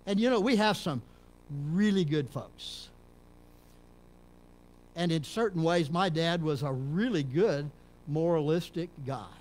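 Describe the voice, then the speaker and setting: In a church sanctuary, a middle-aged pastor from Texas preaches a sermon, unhurried and taking long pauses. His delivery drops to low murmurs and rises to loud, emphatic peaks.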